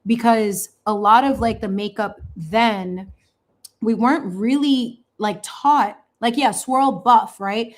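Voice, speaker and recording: A woman in her thirties hosting a craft channel, chatting casually in a sassy, animated way with slangy asides and frequent laughs. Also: fairly high pitch, takes it slowly.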